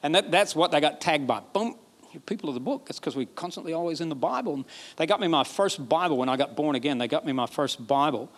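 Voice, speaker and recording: Man, pastor, sermon, emphatic, repeats phrases, slightly high voice. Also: fast. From Alabama, USA. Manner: emphatic preaching, repeats phrases, rising to excited peaks.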